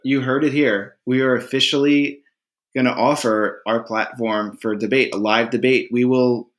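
A man's voice: mid-range voice, fairly even intonation, moderate pace. A man co-hosting a podcast in casual chat, joking, laughing often and swearing casually. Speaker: podcast co-host.

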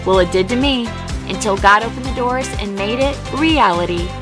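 A woman giving a scripted, inspirational podcast intro in an emphatic way, drawing her phrases out slowly. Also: a little high. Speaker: podcast host. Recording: voice over clear music bed.

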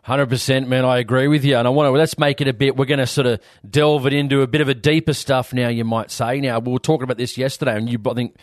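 An Australian man hosting a podcast, talking in a relaxed way with lots of "you know" as he searches for his words. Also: mid-range voice, fast talker, hardly any pauses, dry recording, clean studio sound. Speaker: podcast host. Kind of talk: casual chat.

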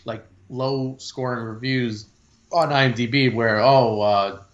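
Bright rambling man, lo-fi sound. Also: mid-range voice, fairly even intonation, a little slow. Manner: loose and rambling, many "like"s and restarts. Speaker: podcast co-host. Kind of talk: casual chat.

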